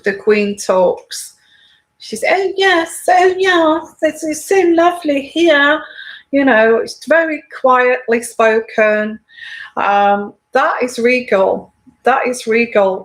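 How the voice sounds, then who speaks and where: Slow, halting woman tarot reader. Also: medium pitch, a bit bright, rough recording. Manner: halting, repetitive, many fillers and restarts. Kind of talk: casual monologue vlog.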